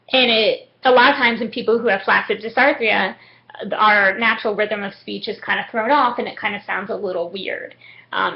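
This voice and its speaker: A young woman calmly explaining speech therapy techniques step by step, with frequent "um"s. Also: fairly high pitch. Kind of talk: instructional demonstration. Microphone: webcam. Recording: muffled webcam audio.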